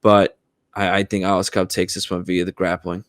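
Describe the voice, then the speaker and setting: A young American man co-hosting a casual sports podcast, talking in a relaxed way with frequent restarts. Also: sits low, moderate pace, no echo, clean studio sound. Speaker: podcast co-host.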